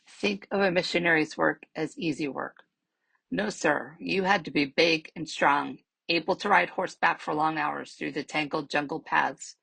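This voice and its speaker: A woman reads a children's novel aloud at a steady, measured pace, letting line endings trail softly. Her voice is low and gravelly with a husky edge. The sound is dry and close. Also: dry recording, rough recording. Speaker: library storyteller.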